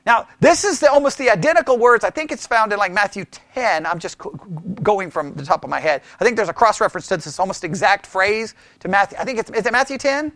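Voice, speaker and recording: A man leading a Bible study, his pitch swinging widely as he asks questions and thinks aloud. He restarts his sentences often in a casual teaching style. The sound is dry and close. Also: expressive, fairly quick, few pauses, fairly bright tone, dry recording.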